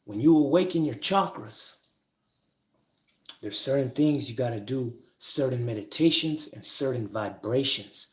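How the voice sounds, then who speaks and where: A man teaching about spiritual ideas in a casual, rambling monologue, swearing freely, restarting sentences, and getting loud and excited when he makes a point. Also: mid-range voice, measured pace. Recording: echoey, with bird and cricket noise.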